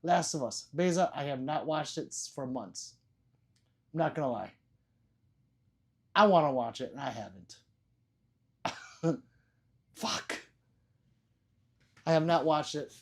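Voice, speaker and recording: Joking livestream host reading chat aloud. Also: male voice, on the high side, lively intonation, takes it slowly, long pauses, breathy edge. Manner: reads viewer chat aloud, joking and laughing; loose and profane.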